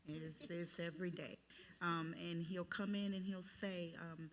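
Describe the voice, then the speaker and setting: A woman's voice: on the low side, flat delivery, moderate pace. A woman who is a Christian teacher, speaking reflectively in a casual podcast discussion and quoting what she tells a student.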